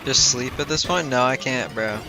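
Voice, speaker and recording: A man's voice: mid-range voice, moderate pace. A tired young man streaming a game, thinking aloud in a rambling way with lots of fillers. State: tired and yawning. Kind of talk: casual gameplay livestream chat. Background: game music.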